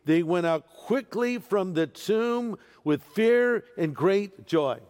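A man preaching a sermon as pastor, animated and playful with humorous asides. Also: sits high, takes it slowly, clear, resonant tone. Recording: long reverb of a large hall.

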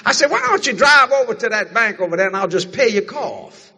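An older man from the American South preaching a sermon, telling folksy family stories with frequent shouting and laughter. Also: sits high, animated, brisk, husky, long reverb tail.

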